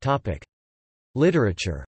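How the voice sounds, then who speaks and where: A man's voice: mid-range voice, measured pace, breathy edge, no echo. Dry synthetic male reading voice. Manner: even, mechanical reading. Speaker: text-to-speech reader. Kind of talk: synthetic encyclopedia narration.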